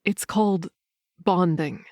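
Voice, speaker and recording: A woman voicing a protective, blunt young male werewolf in an audiobook, speaking a little lower and in an earnest, steady way. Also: slow pace, no echo, studio quality. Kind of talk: audiobook character reading.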